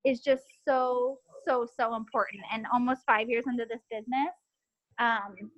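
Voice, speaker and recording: A woman's voice: on the high side, steady tone, moderate pace, a bit bright, lo-fi sound. A woman in her thirties and mother of four, talking casually and upbeat to her team on a group call, with many fillers. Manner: chatty, upbeat, filler-heavy. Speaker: team leader.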